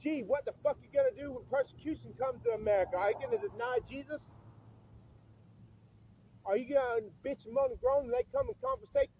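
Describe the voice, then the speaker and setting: A man's voice: very high-pitched, narrow, tinny audio. A man in his fifties ranting angrily outdoors at night beside a church, swearing a lot, bitter and repetitive. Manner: profane, bitter, repeats himself. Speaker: vlogger. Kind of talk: angry rant to camera.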